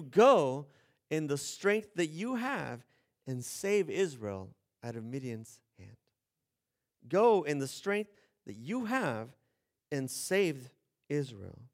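A man voicing a calm, commanding male angel, speaking low and deliberately in a sermon. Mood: solemn.

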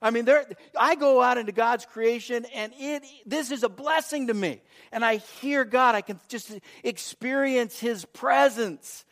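High-pitched middle-aged pastor guy, animated sermon, repeats himself a lot. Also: unhurried, hardly any pauses. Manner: animated storyteller, repeats phrases, acts out quotes.

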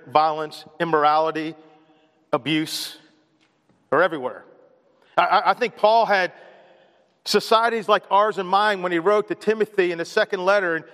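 A man with a high, somewhat bright voice preaches a sermon as pastor in a church sanctuary, the sound carrying like a large hall. He's emphatic and repetitive, calling on the congregation to respond.

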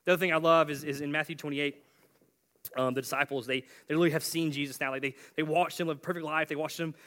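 A man's voice: fairly high pitch, steady tone, fast, a bit bright. A young man preaching a casual youth sermon in a chatty way, with slang and frequent restarts.

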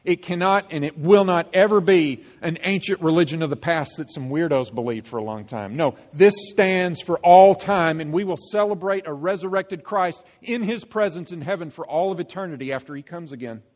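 A man preaching a sermon as pastor, emphatic and animated, acting out quoted lines. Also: on the high side, moderate pace, hardly any pauses. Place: church sanctuary. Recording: long reverb of a church hall.

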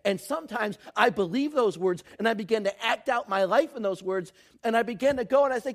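A man preaching a sermon, swinging between shouted lines and near whispers. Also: extremely high pitch, brisk. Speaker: pastor.

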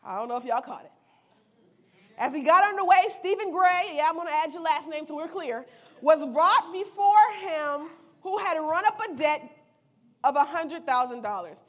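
A woman with a high voice preaches in a relaxed, conversational way. She reads the Bible passage aloud, then retells it playfully in everyday slang. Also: normal speed. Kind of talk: casual sermon with Bible reading.

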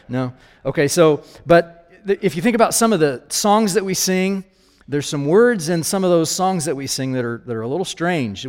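A male pastor delivering a relaxed, conversational sermon at an ordinary pitch. He speaks directly to his listeners and keeps posing questions to them. His voice trails into a long reverb, as if in a large hall. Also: clean tone.

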